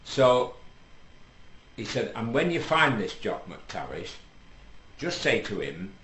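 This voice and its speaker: A man's voice: lowish voice, big pitch swings, unhurried, a bit bright. A British man telling a long comic shaggy-dog story on stage, rambling with many ums and restarts. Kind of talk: stand-up joke telling. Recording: echoey room, faint noise.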